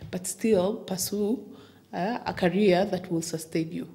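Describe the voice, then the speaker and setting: Woman, studio guest, fairly low voice, measured, lots of tag questions. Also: mellow. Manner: measured, often checks agreement with tag questions. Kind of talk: talk show discussion.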